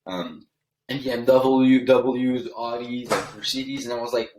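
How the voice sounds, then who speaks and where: A man's voice: medium pitch, normal speed, echoey room, background noise. A man from Canada, a podcast guest, telling his story in a casual, rambling way and often tagging lines with "right?". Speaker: podcast guest, email copywriter.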